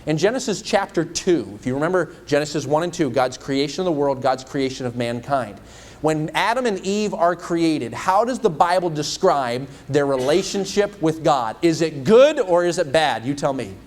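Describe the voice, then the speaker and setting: Animated male evangelist preaching. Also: a little high, normal speed. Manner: animated preaching with rhetorical questions. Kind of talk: sermon. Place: church.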